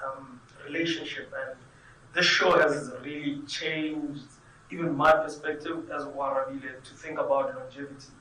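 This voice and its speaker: A South African actor speaking reflectively in an interview, with many "you know"s. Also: male voice, medium pitch, steady tone, normal speed, bright, forceful tone, a little hiss or hum. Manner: reflective, with frequent fillers. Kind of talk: conversational interview. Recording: echoey room, mic at a distance.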